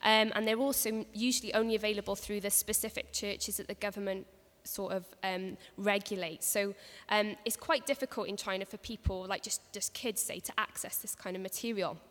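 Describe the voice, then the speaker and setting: A woman's voice: mid-range voice, steady tone, fairly quick, hardly any pauses, fairly bright tone. A woman giving an earnest, story-driven sermon to a women's gathering in a church hall, often restarting her phrases. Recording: long hall reverb.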